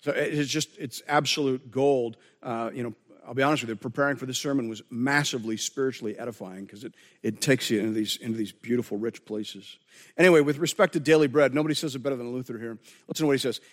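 A man's voice: medium pitch, quick pace, long reverb tail. A man preaching a sermon as pastor, earnest and conversational, often restarting his phrases.

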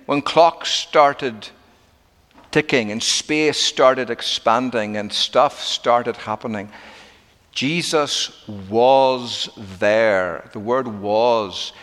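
A middle-aged man preaching a sermon as pastor, emphatic, slowing and dropping to a hush for weight. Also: mid-range voice. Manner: emphatic preaching with dramatic slowdowns and drops to a hush. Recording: long hall reverb.

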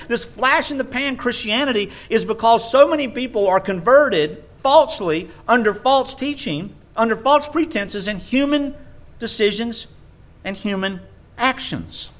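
Bright, animated preacher man. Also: moderate pace. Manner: animated, mocks others in high voices. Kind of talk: sermon.

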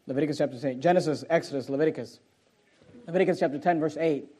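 A man's voice: fairly high pitch, fast talker, mellow, breathy edge. A man preaching a sermon to a church congregation, reading scripture aloud with mounting force. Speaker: pastor. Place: church auditorium.

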